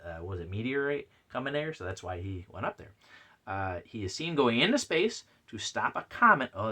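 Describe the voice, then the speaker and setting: Guy rambling thru a solo comic podcast, lots of likes and you-knows, bright voice. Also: on the low side. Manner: rambling, chatty, many fillers and restarts; reads out messages with playful put-on voices. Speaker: podcast host. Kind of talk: casual solo comic review chat.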